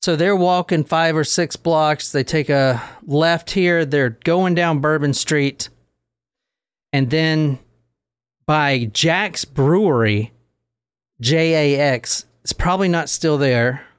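A man's voice: a little high, slow, smooth, no room sound, clean studio sound. Profane joking man telling a story. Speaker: podcast host. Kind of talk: casual storytelling chat.

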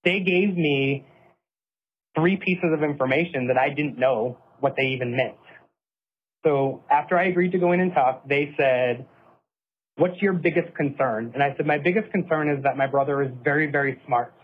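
A man tells his own story in an earnest, steady way, quoting what he and others said. His voice sits a little high for a man and comes through a narrow, tinny line like a phone call. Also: normal speed. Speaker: interviewee recounting events. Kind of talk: personal account, clip played on a podcast.

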